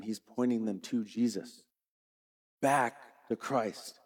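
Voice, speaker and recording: A middle-aged man preaching a sermon, retelling a scripture story dramatically and shifting between quiet and loud. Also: mid-range voice, slow pace. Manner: dramatic storytelling preacher, varies volume widely. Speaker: pastor.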